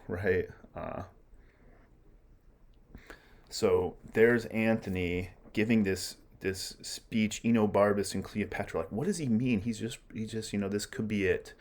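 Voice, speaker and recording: A man's voice: fairly low pitch, vocal fry. A man teaching a play in a casual, chatty lecture, full of fillers and small chuckles. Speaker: literature teacher.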